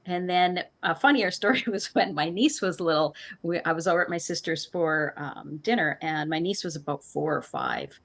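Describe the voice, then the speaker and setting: A middle-aged woman co-hosting a morning show, telling family food stories in a casual chat and acting out relatives in higher voices, laughing often. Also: big pitch swings, moderate pace, hardly any pauses, a bit bright.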